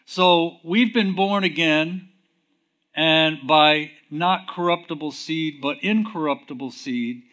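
Slow-speaking man preaching a Bible lesson. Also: on the high side, fairly bright tone. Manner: asks the congregation questions and answers them, reads verses slowly and emphatically. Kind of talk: sermon, teaching from scripture.

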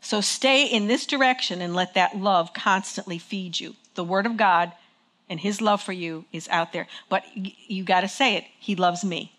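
A woman with a medium-pitched, somewhat bright voice preaches at a normal pace before a congregation. Her style is conversational: she checks on her listeners, leads call and response, and says "okay?" often.

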